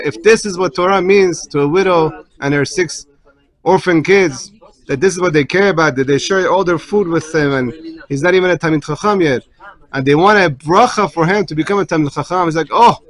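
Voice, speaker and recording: A rabbi in a weekly class tells a long story in a fairly high voice. He is animated and lifts his pitch to speak the children's and the widow's lines. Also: low-quality recording. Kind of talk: sermon storytelling.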